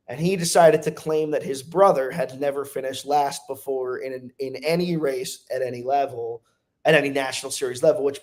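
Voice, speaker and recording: A man co-hosting a casual racing talk show, giving emphatic, animated opinions. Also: mid-range voice. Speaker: co-host. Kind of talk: casual racing podcast chat.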